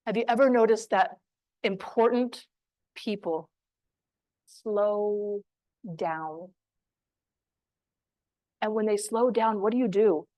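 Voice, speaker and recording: A woman from New Mexico giving a motivational talk on voice skills to a live audience, emphatic and punchy with deliberate pauses. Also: mid-range voice, no room sound, poor audio. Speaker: speaker on voice skills. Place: room with an audience.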